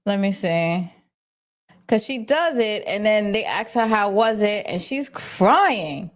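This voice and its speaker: A woman hosts a casual livestream in her own everyday voice. She talks bluntly and swears freely, often stopping to restart a sentence. Her pitch sits in the middle range. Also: lively intonation, slow pace. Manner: blunt and profane, with frequent restarts. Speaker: host.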